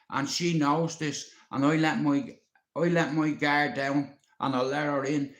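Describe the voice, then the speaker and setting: An upset Irish man on a live stream, rambling and swearing often as he talks to a friend. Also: fairly high pitch. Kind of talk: emotional live-stream rant. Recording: echoey roomy sound.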